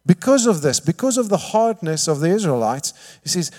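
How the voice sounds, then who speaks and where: A man preaching a sermon, telling the story lively, acting out the quotes and often asking "all right?". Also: high voice, moderate pace, few pauses. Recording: long hall reverb.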